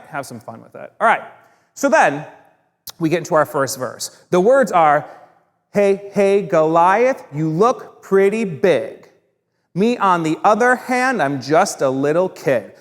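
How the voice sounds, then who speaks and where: A young man leading children through a dance routine, energetic and encouraging, counting out the steps. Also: a little high, in a large hall. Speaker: dance instructor for a kids' camp. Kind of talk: upbeat dance tutorial for children.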